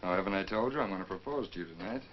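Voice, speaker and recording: An actor playing a breezy young officer and cocky suitor who talks in a jaunty, teasing, glib way, in 1950s western film acting with a dull old film soundtrack. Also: male voice, low voice, very fast, noisy background, close to an everyday voice.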